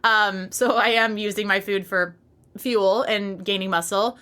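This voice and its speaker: A woman in her thirties, a podcast host and fitness coach, delivers a solo monologue directly to her listeners in a bright, forward voice of medium pitch, keeping a steady tone and unhurried pace. She is passionate, emphatic, fired up and candid, swearing casually as she goes.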